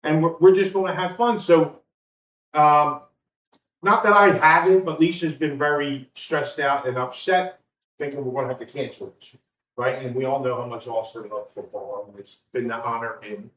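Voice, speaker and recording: A man's voice: mid-range voice, moderate pace, fairly bright tone. Easygoing male podcast co-host. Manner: easygoing, loose chat that drifts into plugging a local charity game. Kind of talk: casual chat. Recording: roomy, distant, muffled home recording with faint background noise.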